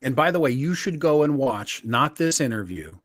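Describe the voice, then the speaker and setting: A man's voice: mid-range voice, sing-song, moderate pace. A man co-hosting a live-streamed podcast, teasing his partner and walking the audience through a story. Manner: teasing, explains stories to the audience. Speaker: podcast co-host. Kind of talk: casual live-stream chat.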